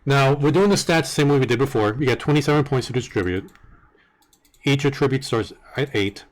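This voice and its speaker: A man running a tabletop game as its master, patiently explaining character rules with halting restarts over a home voice-chat mic. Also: mid-range voice. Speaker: dungeon master. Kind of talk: casual game-setup chat on a live stream.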